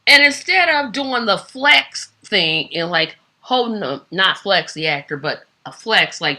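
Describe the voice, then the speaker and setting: In a casual solo chat about old TV shows, this woman wanders through her thoughts with many fillers and restarts, shifting in her seat because her back hurts. Her medium-pitched voice sounds pushed and bright, with lively intonation, an unhurried pace and hardly any pauses.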